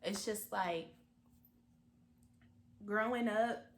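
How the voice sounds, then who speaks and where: A woman in her twenties talking candidly in a personal vlog, halting and filler-heavy, fighting back tears. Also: medium pitch, roomy sound. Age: 20s. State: close to tears. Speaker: vlogger.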